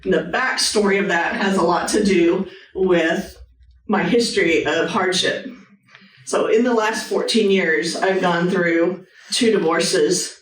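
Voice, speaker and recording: With a fairly low voice and a measured pace, a woman who is a surgeon delivers an earnest, personal motivational talk and a short guided meditation before a live audience. The hospital hall echoes, and her voice comes from a distant mic.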